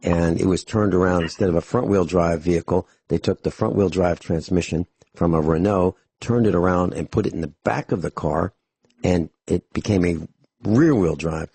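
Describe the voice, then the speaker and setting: A radio talk show host with a low, gravelly voice that has a husky, slightly rough edge. He spins long, meandering anecdotes with a dry sense of humor, speaking close into a studio microphone in a dead, dry room. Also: normal speed, dark tone, dry recording.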